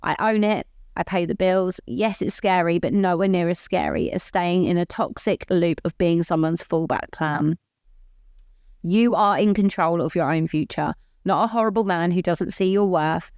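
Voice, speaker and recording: Woman on a podcast reading out a listener letter, low smooth voice, gets choked up. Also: normal speed, a little mellow, no room sound, clean studio sound. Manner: emotional, voice catching at times. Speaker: podcast co-host.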